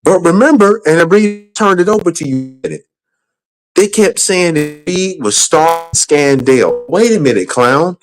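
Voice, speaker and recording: A man's voice: high voice, expressive, moderate pace, faint music behind, poor audio. A man hosting a livestream talk show, talking in a heated, accusing way and repeating himself. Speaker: show host.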